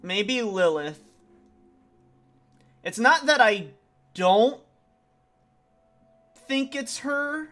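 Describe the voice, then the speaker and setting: A man's voice: very high voice, expressive, extremely slow, long pauses, fairly bright tone, faint music behind. A man streaming a game, thinking aloud in a chatty, self-deprecating way. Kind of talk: casual let's-play commentary.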